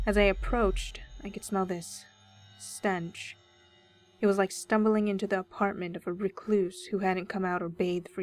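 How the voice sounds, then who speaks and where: Woman narrating a horror story. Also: medium pitch. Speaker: story reader. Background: faint background music.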